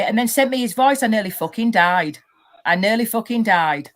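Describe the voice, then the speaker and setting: A woman's voice: a little high, a little fast. A woman furiously ranting and swearing as a guest on a live stream. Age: adult, married. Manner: furious, swearing heavily, loud outbursts. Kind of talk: angry rant on a live stream.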